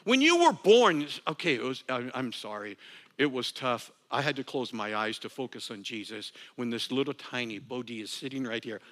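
A pastor delivers a sermon in an animated way, slipping into quiet asides and then building to loud emphasis, now and then laughing at himself. His voice is medium in pitch and fairly quick, with a faint hiss or hum behind it.

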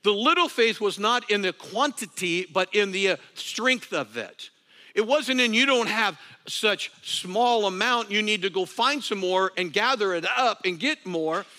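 A man preaching a sermon as pastor, animated, dropping to soft asides and rising to loud emphasis, sometimes laughing at himself. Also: sits high, measured pace.

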